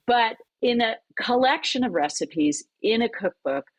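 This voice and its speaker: A woman who teaches cookbook writing, talking in an animated, conversational way as a podcast guest. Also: on the high side, unhurried, no echo, rough recording. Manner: animated, lively storyteller with laughs. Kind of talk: conversational interview.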